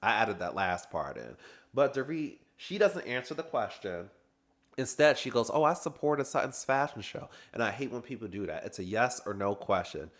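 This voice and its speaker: A man's voice: on the low side, big pitch swings, moderate pace, fairly bright tone. A man giving a casual, sassy recap review of a reality TV reunion, chatting and laughing as he goes.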